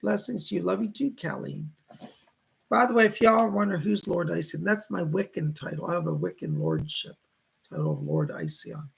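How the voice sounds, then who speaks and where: A man hosts live psychic readings, reading out viewers' messages and passing on what the spirits tell him. His voice is heavily gravelly and rough with rasp. His pitch swings widely as he talks. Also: very animated, normal speed, low-quality recording. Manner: reads viewer messages aloud and relays spirit messages. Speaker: psychic reader, show host.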